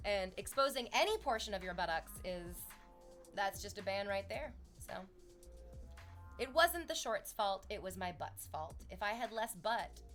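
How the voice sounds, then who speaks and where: A woman's voice: medium pitch, normal speed, fairly bright tone, faint music behind. A woman streamer chatting casually and playfully with her viewers, swearing now and then. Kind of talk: casual livestream chat.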